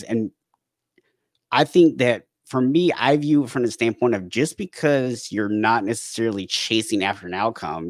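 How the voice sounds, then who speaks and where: Man, low register, podcast guest coach; casual and animated, restarts sentences, dry close sound. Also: dry recording. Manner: animated storytelling, acting out panicked inner voices; frequent restarts and repeated words. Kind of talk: casual conversational interview.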